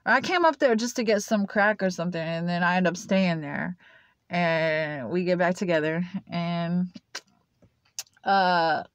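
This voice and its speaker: A woman's voice: lowish voice, measured pace, clean tone, no room sound. A young woman telling her own story to camera in a loose, rambling way, full of "like" and "uh". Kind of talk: casual personal storytelling to camera. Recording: dull lo-fi, dry sound.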